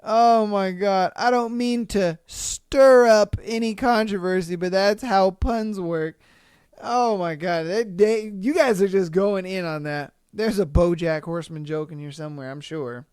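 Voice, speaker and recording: A man's voice: sits high, measured pace, darkish tone, clean tone, no echo, studio quality. A man hosting a podcast, reading listener stories aloud and reacting with blunt, profane, exasperated commentary. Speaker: podcast host.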